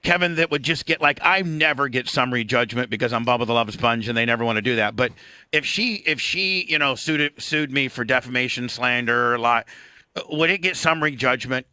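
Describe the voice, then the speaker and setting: A man's voice: mid-range voice, brisk, bright, forceful tone, clear, resonant tone, no room sound. A man hosting a morning radio show, talking in a brash, rambling way and cutting in often. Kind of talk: casual radio talk.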